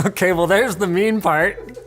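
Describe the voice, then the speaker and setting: A woman's voice: on the low side, measured pace, soft background music. A woman reading viewer comments aloud in a casual, amused way. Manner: amused, lively, reacts with laughter.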